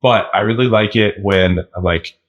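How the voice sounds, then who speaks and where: A man co-hosting a podcast in casual chat, animated and laughing often, slipping into joke accents. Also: fairly low pitch, measured pace, muffled recording. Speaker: podcast co-host.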